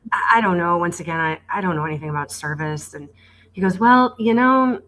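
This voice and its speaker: A woman in her forties telling her career story in a podcast interview, animated and acting out quoted dialogue, with frequent stammered restarts. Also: deep voice, fast talker, poor audio. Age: 40s. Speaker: guest, dealership executive. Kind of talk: conversational storytelling.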